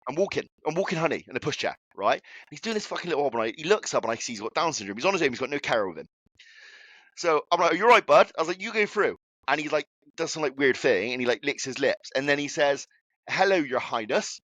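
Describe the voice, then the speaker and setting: A man's voice: fairly high pitch, quick pace, no room sound. A young man telling a story in casual chat, swearing freely as he talks. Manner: swears a lot, animated anecdote telling. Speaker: podcast co-host.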